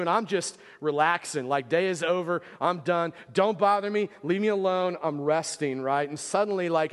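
A man in his thirties preaching a sermon, telling a story in a casual, rambling way full of filler words. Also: sits high. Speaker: pastor. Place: church sanctuary. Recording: long church hall reverb.

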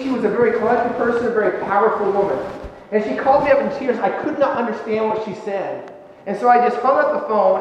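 A male pastor telling a story in a sermon, conversational and animated, with many fillers and restarts. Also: high-pitched. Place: church sanctuary. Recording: echoey church hall, dull sound, faint noise.

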